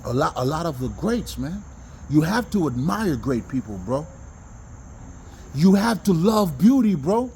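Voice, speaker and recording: Guy rambling and cursing about greatness, voice sits kinda high, faint crickets in the back. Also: unhurried, a little hiss or hum. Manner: animated, profane, rambling with many restarts and laughs. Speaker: self-help talker. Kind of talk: casual spoken monologue.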